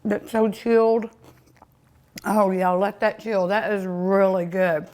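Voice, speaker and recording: A woman's voice: medium pitch, little pitch movement, slow pace, darkish tone. A woman hosting a cooking show, tasting her food with many delighted mmms and chatting to her dog and her viewers. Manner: sometimes talks with mouth full. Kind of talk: casual food tasting vlog.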